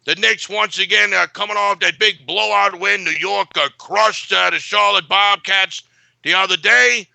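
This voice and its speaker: A man's voice: high-pitched, steady tone, moderate pace, vocal fry, sharp tone, no room sound. A man giving a sports betting pick in a blunt, boastful way, full of filler uhs.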